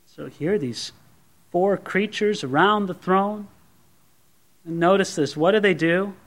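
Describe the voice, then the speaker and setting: Male pastor, high voice, earnest teaching sermon delivery. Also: takes it slowly, a bit bright. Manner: earnest teaching, repeats words for emphasis. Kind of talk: expository sermon.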